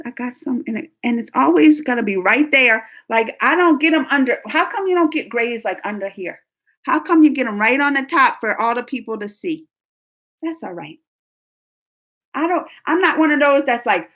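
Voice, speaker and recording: A woman in her forties hosting a casual livestream, chatting with viewers in a rambling, animated way and laughing often. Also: high-pitched. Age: 40s. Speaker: livestream host reading chat. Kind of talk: casual live chat.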